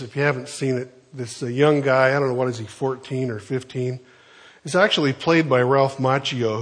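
Husky-voiced pastor telling a story. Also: male voice, mid-range voice. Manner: animated storytelling, acts out characters. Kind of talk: sermon storytelling.

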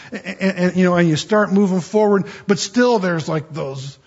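A pastor preaching a conversational sermon in a folksy way, with frequent stammered restarts. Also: male voice, high-pitched, moderate pace, darkish tone, lo-fi sound. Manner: folksy, stammering restarts, acts out quoted pleas.

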